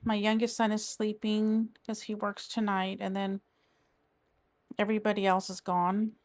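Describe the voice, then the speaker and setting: A woman's voice: mid-range voice, monotone, unhurried. Chatty middle-aged woman. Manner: rambling, chatty, trails off and restarts. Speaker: crafting vlogger. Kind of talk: casual chat while diamond painting.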